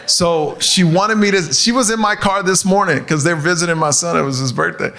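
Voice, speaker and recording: A man doing a stand-up set on stage, an animated storyteller who laughs as he talks. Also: high-pitched, slow pace, pauses often. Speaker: stand-up comedian. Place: comedy club stage before a live audience. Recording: live set with audible crowd noise.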